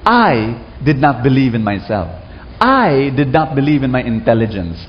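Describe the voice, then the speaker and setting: A Filipino man preaches to a congregation in a church hall, telling stories and having them repeat after him. His voice is medium-pitched with big swings in pitch, delivered at a moderate pace. The recording is dull and echoey, with a little hiss or hum.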